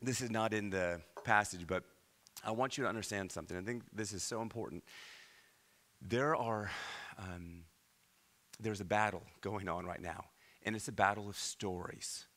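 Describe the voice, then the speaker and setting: A man from Iowa preaching a sermon as pastor, with animated delivery and many rhetorical questions. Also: on the low side, moderate pace, long pauses. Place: church.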